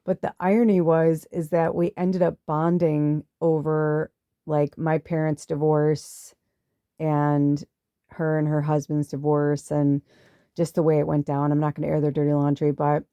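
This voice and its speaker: A woman's voice: level tone, a little slow, mellow, clear, resonant tone, dry recording, studio quality. A middle-aged woman podcast host telling a personal story in a chatty way, swearing now and then. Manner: chatty, swearing, acts out quotes in a higher voice. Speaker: podcast host, spiritual medium. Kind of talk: casual storytelling.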